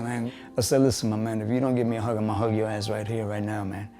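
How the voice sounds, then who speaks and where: A man, a bass player, telling personal stories in a documentary interview, candid and profane, dropping Spanish phrases. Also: little pitch movement, a little fast, a little mellow, faint music behind.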